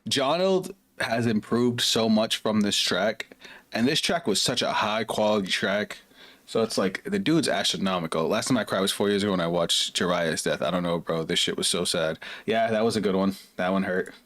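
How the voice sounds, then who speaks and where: A man's voice: lowish voice, moderate pace, fairly bright tone. A man streaming music reactions, talking casually, bluntly and with open emotion, swearing freely. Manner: blunt, profane, openly emotional. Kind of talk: casual live reaction commentary.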